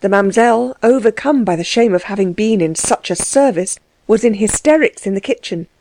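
A woman's voice: medium pitch, fairly quick, darkish tone, dry recording. Woman narrating an audiobook, dry and close. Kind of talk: scripted narration.

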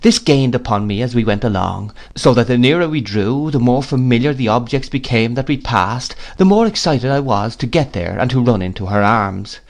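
A man narrating an audiobook of a classic novel in a measured, expressive storytelling manner. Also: mid-range voice. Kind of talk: audiobook reading.

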